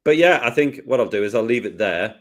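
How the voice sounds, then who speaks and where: A man hosting a casual live software lesson, jokey and self-deprecating as he talks through each step. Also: medium pitch, lively intonation, a little fast. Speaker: host, design tutor.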